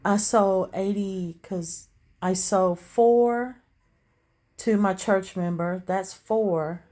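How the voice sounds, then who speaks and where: A woman's voice: medium pitch, very slow, warm tone. A middle-aged woman from Tennessee with a Southern country accent, chatting to camera in a casual vlog, telling stories and addressing viewers as y'all. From Tennessee, USA. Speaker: vlogger selling gift baskets. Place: outdoors at a street sales stand, later at home. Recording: noisy outdoor street with traffic. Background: car traffic.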